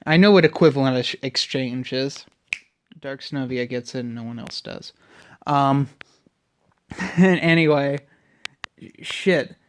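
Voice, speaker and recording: A man's voice: mid-range voice, unhurried, pauses often, clean tone. A man in his twenties ranting casually in a vlog, irritable and full of profanity. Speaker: vlogger.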